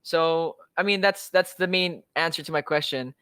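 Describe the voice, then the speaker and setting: A man's voice: a little high, moderate pace, pushed and bright, clear, resonant tone, no echo. Chatty young man hosting a livestream. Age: 20s. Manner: chatty, filler-heavy, grateful. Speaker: livestream host. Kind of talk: casual live chat. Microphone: phone or webcam livestream.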